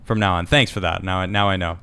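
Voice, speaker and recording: A man hosting a casual podcast stream, reading viewer comments aloud and reacting with quick asides. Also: low voice, fairly even intonation, gravelly, bright, forceful tone, clear, resonant tone. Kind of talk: casual live-stream chat.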